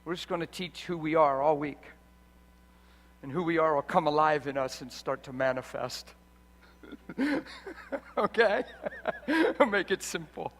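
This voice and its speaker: A man's voice: on the high side, animated, measured pace, pauses often, fairly bright tone. A man preaching a sermon in a large hall, exuberant and emphatic, often breaking into laughter. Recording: reverberant hall.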